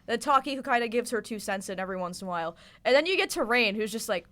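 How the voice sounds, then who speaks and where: A woman's voice: on the high side, expressive, very fast, fairly bright tone. Giggly young woman co-hosting. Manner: giggly, enthusiastic retelling of scenes. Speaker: co-host. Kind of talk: casual podcast chat.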